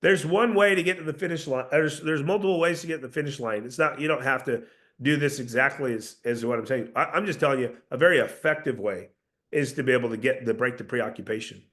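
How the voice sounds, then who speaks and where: A man's voice: medium pitch, quick pace, a bit bright. A man coaching door-to-door salespeople, emphatic and confident, often repeating words as he starts a sentence. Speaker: sales trainer.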